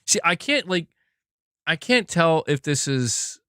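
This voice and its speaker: A man's voice: a little high, sing-song, takes it slowly, pushed and bright, smooth, no room sound, studio quality. A man hosting a casual livestream, joking, laughing often and rambling as he reads chat. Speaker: livestream host.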